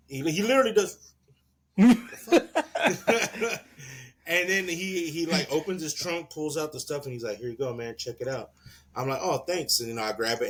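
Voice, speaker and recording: A man co-hosting a podcast in casual chat, an animated storyteller who laughs often and acts out the people in his stories. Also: mid-range voice, breathy edge. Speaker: podcast co-host.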